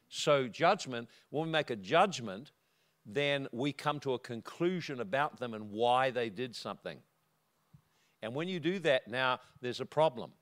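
A man preaching a sermon, telling a personal story and acting out the voices in it. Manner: storytelling, acting out quotes with big swings of pitch and loudness.

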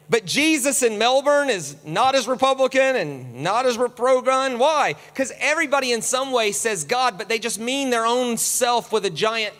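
A man preaching from the front of a church hall, his high, bright voice ringing with a long reverb. He talks in an animated, lively way and swings broadly whenever he acts out the voices he quotes. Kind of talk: sermon with slides.

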